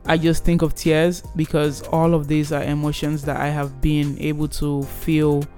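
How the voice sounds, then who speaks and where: A young man in his twenties casually telling a personal story, animated and rambling with many restarts. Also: on the high side, moderate pace, faint music behind.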